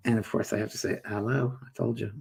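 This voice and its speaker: Gravelly, husky middle-aged man chatting. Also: lowish voice, a little mellow. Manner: rambling, chatty, reads viewer comments aloud and answers them. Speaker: host and medium. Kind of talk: casual live-stream chat answering viewers.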